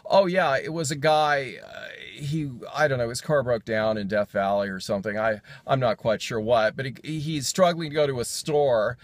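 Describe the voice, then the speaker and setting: A man's voice: mid-range voice, normal speed, no room sound. A man casually recapping a sermon's jokes, rambling with fillers and self-corrections and chuckling as he goes. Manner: chuckles while telling jokes.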